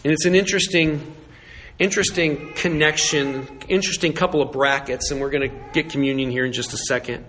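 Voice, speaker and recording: Bright-voiced man preaching in an echoey hall. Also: fairly high pitch, steady tone, a little fast, slight background noise. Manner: conversational and emphatic, with humor. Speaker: pastor. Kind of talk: sermon. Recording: echoey hall with faint ambience.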